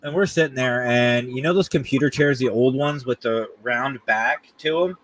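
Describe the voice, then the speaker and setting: A man hosting a casual talk show, telling a funny story in an animated, jokey way and acting out voices. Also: medium pitch, normal speed. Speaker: podcast host.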